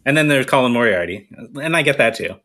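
A man's voice: medium pitch, lively intonation, quick pace, sharp tone. A man on a podcast, joking and teasing in casual self-mocking banter. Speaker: podcast guest. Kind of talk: casual chat.

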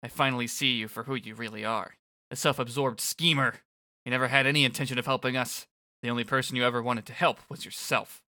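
An earnest young hero from a video game, read by a man in his own voice. The delivery is plain and direct, in a bright tone with a dry, close sound. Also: mid-range voice, fairly even intonation, fast, dry recording. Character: earnest young male hero confronting a betrayer.

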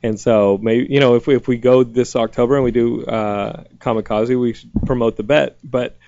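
A man in his late thirties hosting a podcast in casual chat, animated, with quick squeaky acted-out asides. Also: creaky, dry recording, lo-fi sound. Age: late 30s. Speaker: podcast host. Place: studio.

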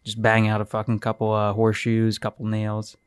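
Guy rambling on a podcast, lots of likes and uhs, swearing, smooth voice, dry sound. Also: fairly low pitch, monotone, a little fast, dry recording. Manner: rambling, filler-heavy, profane jokes. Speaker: podcast co-host. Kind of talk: casual podcast banter.

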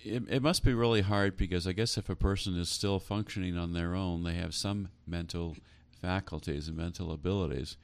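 A man's voice: deep voice, a little fast, gravelly, hardly any pauses. A man hosting a talk show interview, asking earnest questions with frequent hesitations. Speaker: host.

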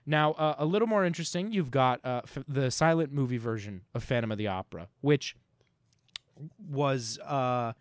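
A man's voice: mid-range voice, moderate pace, clear, resonant tone, no room sound, studio quality. A man co-hosting a podcast, rambling and joking casually, swearing now and then. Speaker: podcast co-host.

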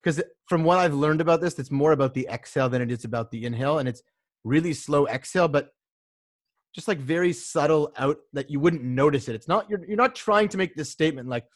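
A man's voice: on the high side, fairly quick, no room sound, studio quality. A man coaching a client in a casual conversation, talking thoughtfully with many restarts and fillers.

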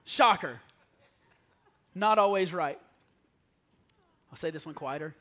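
High-voiced animated male pastor. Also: takes it slowly, long pauses, a little hiss or hum. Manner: animated storytelling, drops to a near whisper for asides. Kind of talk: sermon. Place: church sanctuary.

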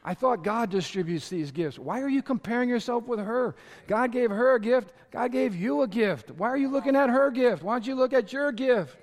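A male pastor delivers a lively sermon and calls out to the people in front of him. His voice sits very high for a man. It rings through a large hall with a long reverb tail. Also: normal speed. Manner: lively, storytelling, addressing the congregation directly.

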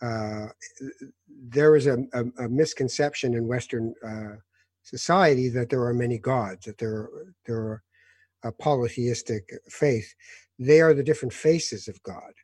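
Mellow, husky male host. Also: mid-range voice, no echo, studio quality. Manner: thoughtful, measured, interjects gently. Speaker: interview host. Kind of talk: conversational interview.

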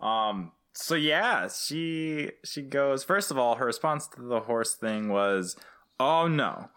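Sarcastic deadpan man on a podcast. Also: mid-range voice, slow pace, clean tone. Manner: sarcastic, deadpan, swears freely. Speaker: podcast co-host. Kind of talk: casual comedic recap chat.

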